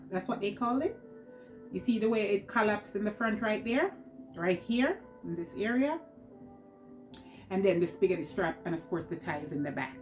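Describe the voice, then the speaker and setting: A woman with a Jamaican accent talking through a clothing haul in a chatty, rambling way, laughing often, seated at home. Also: lowish voice. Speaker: vlogger. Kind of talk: casual haul vlog.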